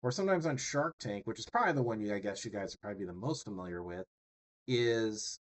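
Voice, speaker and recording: A man's voice: fairly low pitch, animated, fast, low-quality recording. A man lecturing a class in a loose, conversational way, peppered with fillers and tag questions. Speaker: instructor.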